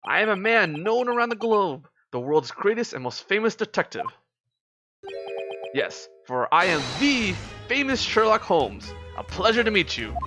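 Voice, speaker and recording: A streamer reads visual novel lines aloud as a boastful, eccentric male detective, using a mid-range voice pitched above their own, with big pitch swings at a moderate pace. The delivery is theatrical, self-assured and pompous, with game music playing behind.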